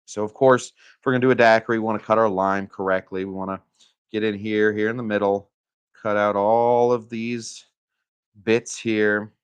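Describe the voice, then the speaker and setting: A man's voice: on the low side, fairly even intonation, normal speed, smooth. A man from Arizona hosting a casual live cocktail demo from a hotel room, talking in a rambling, chatty way with many fillers. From Arizona, USA. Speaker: cocktail channel host.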